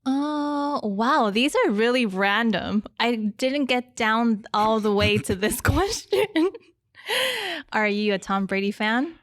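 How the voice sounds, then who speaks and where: A woman's voice: a little high, slow pace, no room sound, studio quality. A woman in her thirties, chatting as a guest in a casual interview. She is bubbly and laughs often. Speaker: guest, business owner. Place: studio.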